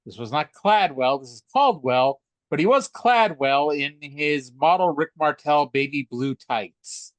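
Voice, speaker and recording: A man's voice: on the high side, expressive, a little slow, hardly any pauses, dry recording. A man co-hosting a podcast, joking and rambling in casual chat. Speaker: podcast co-host.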